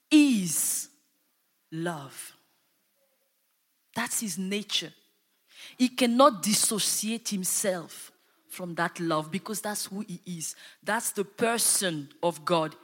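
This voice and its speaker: A woman's voice: medium pitch, slow, pauses often, a bit bright. A woman preaching a sermon with impassioned emphasis that swells and drops, calling out to her congregation. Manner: impassioned, rising and falling emphasis with call-and-response. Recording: hall with long reverb.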